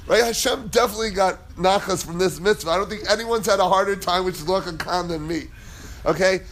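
A man's voice: high voice, brisk, a bit bright, slight background noise. A man teaching a casual Torah class, chatty and digressive, who drifts into stories and laughs as he tells them.

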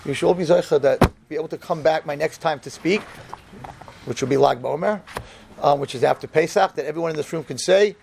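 Background noise accompanies this brisk, slightly high male voice with some vocal fry. It's a rabbi giving a comic storytelling sermon before an audience of yeshiva students, bringing the dialogue to life animatedly.

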